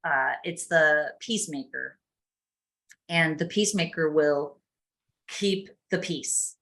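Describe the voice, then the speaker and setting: A woman's voice: deep voice, slow pace, fairly bright tone. A middle-aged woman hosting a podcast, telling family stories in a chatty, casual way with laughs. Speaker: podcast host. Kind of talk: casual chat.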